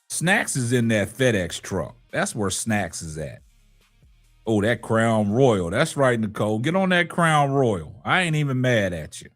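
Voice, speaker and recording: Man, forties, live show host, casual late-night chat, lively pitch, laid-back, faint background music. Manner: laid-back, repeats "man" after lines.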